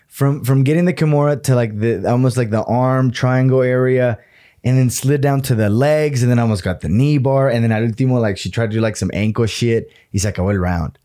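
A man's voice: medium pitch, brisk, mellow. A man co-hosting a podcast who chats casually about fights, swears freely and slips words into his talk. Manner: swears a lot, drops into Spanish words. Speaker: podcast co-host.

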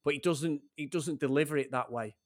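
A man's voice: fairly high pitch, brisk. A man co-hosting a film podcast, giving blunt, joking opinions and swearing now and then. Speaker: podcast co-host. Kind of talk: casual film chat.

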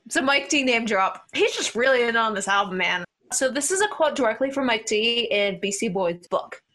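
Bright, lively woman reviewing albums. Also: on the high side. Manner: animated, laughing often, quick asides. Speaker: podcast co-host. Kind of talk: casual album review chat.

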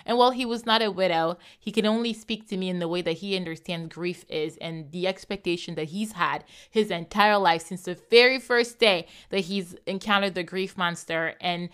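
Candid woman with a smooth low voice. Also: normal speed, hardly any pauses. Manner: candid, animated, laughs often, acts out quoted voices. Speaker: podcast host. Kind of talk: personal reflective monologue.

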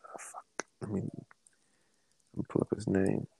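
A young man co-hosting a podcast, telling a rambling, animated story with laughs and a lot of swearing. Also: fairly low pitch, slow pace, gravelly, slightly rough, no echo, whispered. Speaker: podcast co-host. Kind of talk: casual chat.

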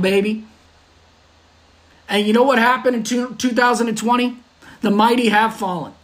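A man hosting his own sports podcast, talking in a brash, trash-talking fan manner. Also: sits high. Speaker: podcast host. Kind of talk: solo sports podcast monologue.

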